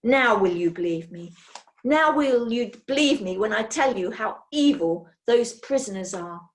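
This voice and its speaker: A pompous, scheming furrier blusters with wounded indignation, as a woman reads him aloud. The storybook voice drawls slowly, taking its time over every accusation. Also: on the high side, animated. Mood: insistent. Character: scheming pompous middle-aged male furrier. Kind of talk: storybook reading.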